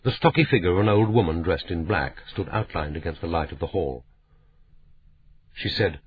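A man narrating an audiobook in a steady, measured reading. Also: low voice, breathy edge. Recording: tinny phone-like sound.

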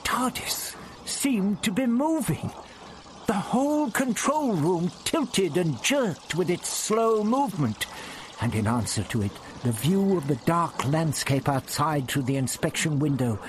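A man's voice: on the high side, lively intonation, slow, background noise. A man reading an adventure story aloud in a dramatic storytelling manner. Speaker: audiobook narrator. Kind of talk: expressive audiobook reading.

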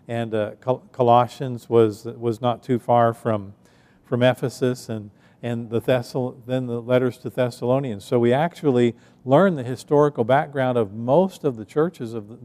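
Male pastor, sermon, mellow tone, halting delivery with restarts, church hall reverb. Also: medium pitch. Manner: conversational, halting with frequent restarts.

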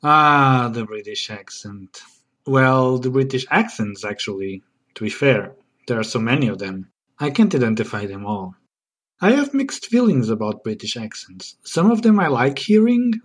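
A man speaking English with a Portuguese accent hosts a comic solo podcast. His delivery is playful and self-deprecating, with mock exasperation, and his pitch swings widely in a lively, animated way. His voice sits at a middling pitch. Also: slightly rough. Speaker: podcast host.

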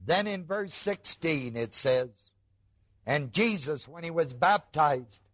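A man preaching a sermon, slow and emphatic, asking his listeners rhetorical questions. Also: on the high side, animated, a bit bright, no echo.

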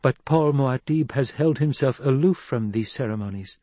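A man's voice: mid-range voice, moderate pace, warm tone, dry recording, pitched above the performer's own voice, lightly acted. Chani, a man reading as a young commanding desert woman. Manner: firm, commanding tone.

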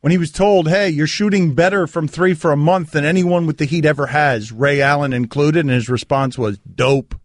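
A man hosting sports talk radio, riffing in an animated way on a studio mic. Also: fairly high pitch, moderate pace, hardly any pauses, dry recording.

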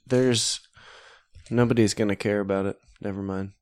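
A man's voice: on the low side, fairly even intonation, moderate pace, a little mellow, clean tone. A man co-hosting a podcast, chatting casually with a rambling, laid-back manner and humming bits of tunes. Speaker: podcast co-host. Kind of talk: casual chat.

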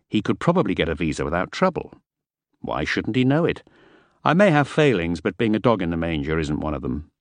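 A man's voice: sits low, dry recording. A man narrating a novel in the first person, with a wry, self-justifying manner. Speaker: audiobook narrator.

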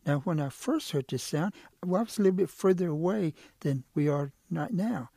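A man's voice: fairly high pitch, lively intonation, normal speed, gravelly, warm tone, dry recording, studio quality. A man voicing an eager, sly male quail in a told animal story, talking in a pleading, wheedling way.

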